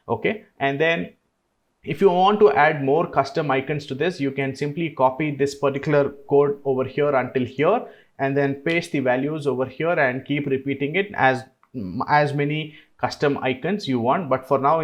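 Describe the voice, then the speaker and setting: A man hosting a screen-recorded software tutorial, explaining each step in a relaxed way with frequent "uh"s. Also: mid-range voice. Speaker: tutorial host.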